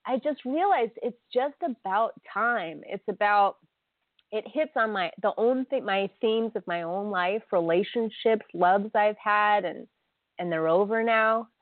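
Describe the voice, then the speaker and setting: A woman's voice: mid-range voice, a little slow, dry recording. Chatty woman podcasting over a tinny line. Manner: emotional, chatty, laughs often, many fillers. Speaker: podcast host. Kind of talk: casual solo podcast monologue. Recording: dry, tinny phone-line audio.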